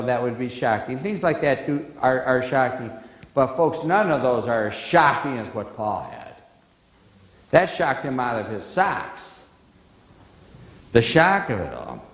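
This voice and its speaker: A male pastor preaching a sermon in a church, talking conversationally and quizzing his congregation. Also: medium pitch. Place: church sanctuary. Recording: echoey church hall.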